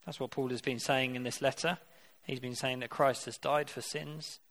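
Male preacher, earnest and conversational in the sermon, mid-pitched voice. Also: fairly even intonation, normal speed, fairly bright tone.

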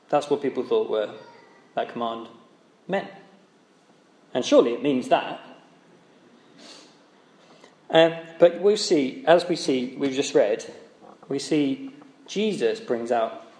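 A man delivers a sermon in a chatty, conversational tone, tossing out rhetorical tag questions. His voice sits at an ordinary middle pitch. The sound is roomy, with the echo of a church hall around him. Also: a little mellow. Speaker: preacher.

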